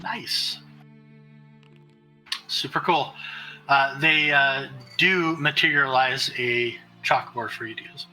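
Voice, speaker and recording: Bright-voiced man running a tabletop game. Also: medium pitch, soft background music, low-quality recording. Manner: relaxed, halting narration with many fillers. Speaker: game master.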